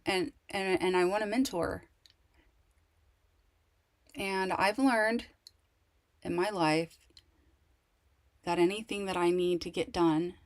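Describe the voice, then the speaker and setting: Candid, rambling woman with a low voice. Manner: rambling, halting, many restarts and fillers; candid and emotional. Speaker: vlogger. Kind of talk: casual personal monologue.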